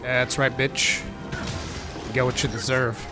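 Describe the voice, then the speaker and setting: A man streaming a hunting game, chatting with teammates and yelling and cursing at monsters as he plays. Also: mid-range voice, slow, over music. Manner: excitable, swears and yells at monsters; loose storytelling to teammates. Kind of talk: casual gameplay commentary.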